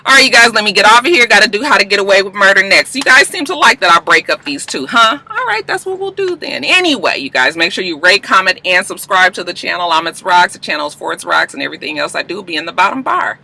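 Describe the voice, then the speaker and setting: A woman casually recapping a TV episode in an animated, chatty way, swearing freely and acting out the characters. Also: medium pitch, fast talker, gravelly, hardly any pauses, rough recording. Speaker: TV recap YouTuber.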